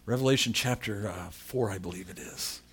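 An older man preaching a sermon, telling a personal story in an animated, emotional, self-deprecating way. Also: lowish voice, normal speed, breathy edge.

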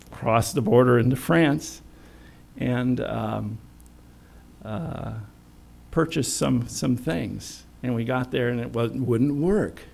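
A man's voice: mid-range voice, gravelly, a little mellow. A man preaching a sermon in a chatty, storytelling way with self-deprecating humor.

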